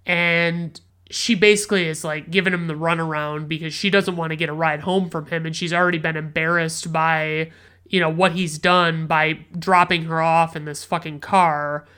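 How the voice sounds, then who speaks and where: Speaking at a moderate pace in a low, steady, slightly bright voice that's clear and resonant, a woman hosts a laid-back podcast reviewing films. Her scene recaps ramble and swear, with plenty of fillers and false starts.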